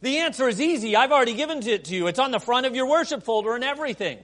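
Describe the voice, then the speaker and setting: A man preaching a sermon after an opening prayer, moving between soft, hushed lines and loud, emphatic ones. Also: extremely high pitch, expressive, very fast. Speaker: pastor.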